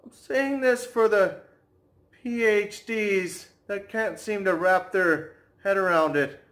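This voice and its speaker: A man ranting to camera as a fitness vlogger, brash and mocking, slowing right down to stress his points. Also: high-pitched, fairly bright tone. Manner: brash, mocking, slows down for emphasis.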